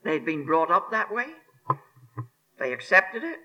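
A male preacher delivering a sermon at a slow, weighty pace. His voice is bright and a little high, and it rises and falls widely as he stresses each phrase. He repeats key words and often drops to a hushed near-whisper. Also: very animated, low-quality recording. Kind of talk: expository sermon.

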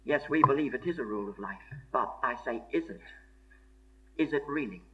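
A man's voice: medium pitch, animated, fairly quick. A man preaching a sermon in an earnest, emphatic way, repeating key phrases for stress. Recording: dull lo-fi sermon recording.

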